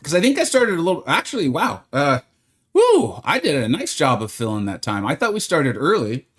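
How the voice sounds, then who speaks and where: A man's voice: on the high side, wildly swooping pitch, a little fast. A man streaming a game live, chatting casually and greeting viewers by name in a rambling, friendly way. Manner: rambling, with many fillers.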